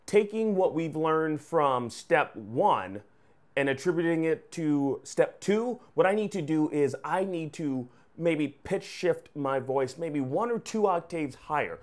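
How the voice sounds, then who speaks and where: A man with a deep natural voice giving a casual tutorial on impressions, chatty and full of fillers. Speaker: vlogger teaching impressions.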